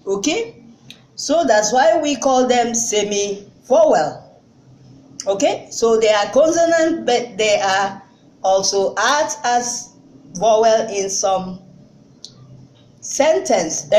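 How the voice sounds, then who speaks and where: A woman with a Nigerian accent, a native Igbo speaker, giving an informal spoken language lesson with many fillers and restarts, and repeating words slowly for learners. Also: mid-range voice, a little mellow, slight background noise. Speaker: language tutor. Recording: echoey room.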